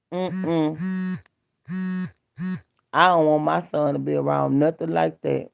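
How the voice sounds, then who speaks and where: Gravelly middle-aged woman, blunt storyteller. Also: low voice, darkish tone. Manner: candid, blunt storytelling in colloquial speech. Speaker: vlogger. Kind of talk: casual chat. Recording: dull lo-fi sound.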